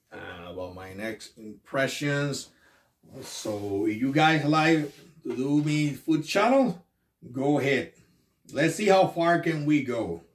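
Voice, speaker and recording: A man vlogging in casual chat, halting and repeating words as he trails off. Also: a little high, distant mic. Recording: echoey room.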